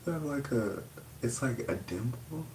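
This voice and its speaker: A man's voice: mid-range voice, lively intonation, normal speed, darkish tone. A man co-hosting a casual live stream, mostly chiming in with short agreeing remarks. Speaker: co-host.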